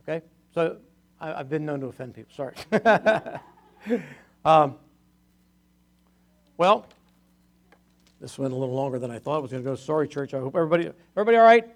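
An older pastor with a gravelly, somewhat high voice tells stories from the pulpit. He talks in a loose, chatty way, laughs often and slips into the voices of the people he quotes. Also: lively intonation, brisk, long pauses. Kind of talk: storytelling sermon testimony.

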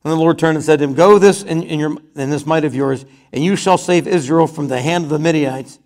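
A man's voice: on the high side, fairly quick, darkish tone. A man preaching a conversational sermon, reading scripture aloud and then retelling it in his own words.

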